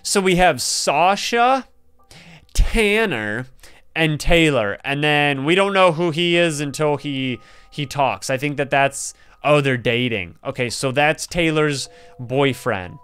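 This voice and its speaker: Excitable young man reading game stories. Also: fairly high pitch, slow pace, smooth. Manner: excitable, laughs and gasps often. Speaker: gaming YouTuber. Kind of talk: reading in-game story aloud with reactions. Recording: faint background music.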